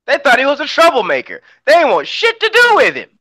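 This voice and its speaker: A man's voice: very high voice, wildly swooping pitch, quick pace, pushed and bright. A man on a panel, answering emphatically, repeating points for force and swearing freely. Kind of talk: casual panel discussion.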